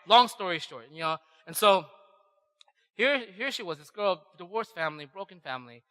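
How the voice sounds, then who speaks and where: A man preaching a sermon and telling a story in a lively, conversational way, often checking in with "right?". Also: high voice, normal speed, clear, resonant tone. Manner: animated, conversational, tags lines with "right?". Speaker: pastor. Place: church hall. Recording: long echo of a hall.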